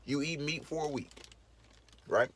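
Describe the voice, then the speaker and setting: A man's voice: on the high side, moderate pace. A man vlogging in casual to-camera commentary, emphatic and preachy, repeating his points over and over.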